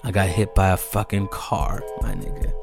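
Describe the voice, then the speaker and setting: A young man telling a story casually, animated and profane, repeating himself and growing heated. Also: deep voice, moderate pace, creaky, over music.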